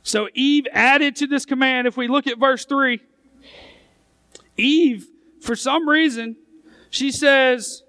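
Pastor, male, very high voice, smooth tone, emphatic sermon delivery, dry close sound. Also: steady tone, a little slow, sharp tone, dry recording. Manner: emphatic preaching, reads scripture aloud, voices the questioning crowd.

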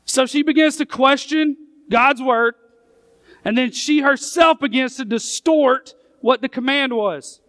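Pastor, male, very high voice, smooth tone, emphatic sermon delivery, dry close sound. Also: a little slow, fairly bright tone, no echo. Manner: emphatic preaching, reads scripture aloud, voices the questioning crowd.

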